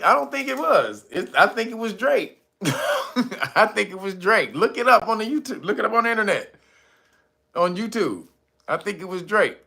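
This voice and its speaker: A man's voice: high voice, gravelly, pushed and bright. A livestream host reading out his chat, laughing constantly, loose and profane.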